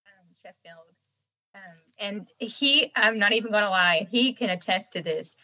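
A young woman with a softened Southern American accent, chatting casually as a guest and laughing often. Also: medium pitch, measured pace, low-quality recording. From Southern United States. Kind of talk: casual chat.

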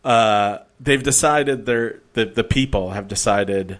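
A man's voice: lowish voice, slow pace, hardly any pauses, a bit bright. Rambling, sarcastic man recapping. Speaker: podcast co-host. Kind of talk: casual chat.

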